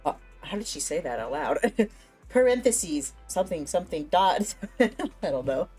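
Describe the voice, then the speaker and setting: A woman's voice: low-pitched, sing-song, moderate pace, mellow, breathy edge. A woman streamer casually commenting on a game, laughing often and reading the dialogue aloud in her own voice. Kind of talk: casual let's-play commentary. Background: faint game music.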